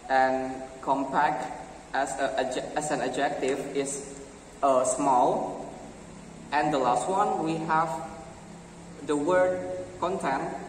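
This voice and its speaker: A young man with an Indonesian accent presenting a pronunciation lesson to his class, halting and full of fillers. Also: on the high side, fairly even intonation, slight background noise. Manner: slow, halting, with many fillers. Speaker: student presenter. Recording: roomy echo from far off.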